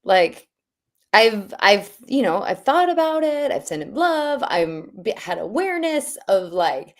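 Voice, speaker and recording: A woman's voice: mid-range voice, very animated, a little slow. A woman co-hosting a livestream, telling a personal story in a rambling, heartfelt way. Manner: rambling personal storytelling, many fillers and restarts. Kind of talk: casual livestream chat.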